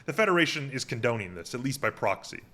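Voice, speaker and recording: Bright-voiced man recapping an episode. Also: medium pitch, sing-song, fast talker. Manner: recaps scenes by paraphrasing lines, many fillers and "like". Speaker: podcast co-host recapping an episode. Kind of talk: casual chat.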